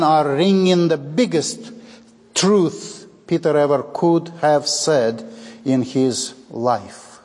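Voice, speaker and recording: Male preacher, dramatic sermon delivery, husky, big hall reverb. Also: on the high side, slow, a little mellow. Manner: dramatic, acts out quoted dialogue.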